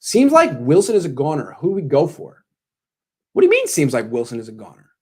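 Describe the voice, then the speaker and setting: Sarcastic man hosting a lively sports stream. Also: a little high, fairly quick, husky. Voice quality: voice cracks when excited. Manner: sarcastic, self-deprecating, gets worked up. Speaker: sports show host. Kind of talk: live-stream postgame chat reading donations.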